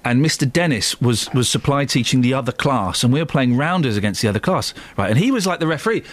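A man hosting a radio show, telling school stories in a jokey, animated way. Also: mid-range voice, fast. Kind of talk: casual radio banter.

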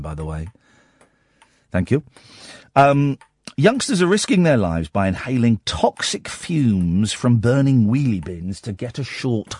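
Speaking on the low side, this Yorkshire-born radio host in his forties delivers a casual monologue about the news. He reads items, then mocks them and himself with sardonic riffs, captured in clean studio sound with no echo.

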